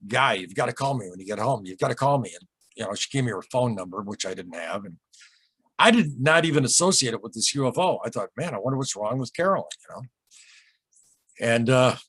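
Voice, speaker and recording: A man with a husky, mid-pitched voice recounts a strange personal encounter as a podcast guest. He speaks earnestly and haltingly, circling back and repeating himself. The sound is dry and close. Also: fairly bright tone, no room sound. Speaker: podcast guest, UFO experiencer. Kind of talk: emotional storytelling interview.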